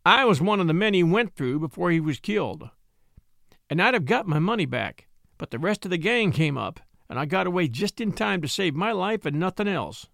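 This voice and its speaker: A grim old-west blackmailer drawls his threats in a rough backwoods dialect, as a man puts him on. The voice rides high and swings widely in pitch. The recording is dry and close. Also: sing-song, normal speed, a bit bright, dry recording, full character voice. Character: grim rough frontier blackmailer, male, middle-aged.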